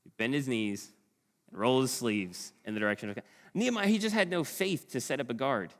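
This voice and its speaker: Animated pastor in an echoing church. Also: male voice, medium pitch, a little fast. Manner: animated, chanting a call-and-response war cry. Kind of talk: sermon. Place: church hall. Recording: long hall reverb in a church.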